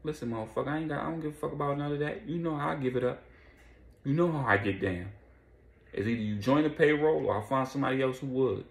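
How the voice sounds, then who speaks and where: A man's voice: mid-range voice, quick pace, vocal fry, pitched above the performer's own voice, lightly acted. A man voicing a tough female crime boss with blunt street talk, in an echoey room.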